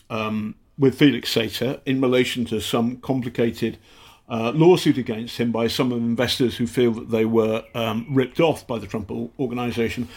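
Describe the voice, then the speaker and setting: A British investigative journalist telling stories in a casual interview, halting often and acting out the people he quotes. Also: mid-range voice, a little mellow. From Britain. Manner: halting, many fillers and restarts, acts out quotes.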